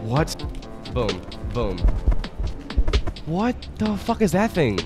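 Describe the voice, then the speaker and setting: A young man giving loose, excitable commentary while playing a video game, swearing often and talking to his chat. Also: a little high, slow. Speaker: gaming streamer. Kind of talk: casual let's-play commentary. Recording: game music playing behind. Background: game music.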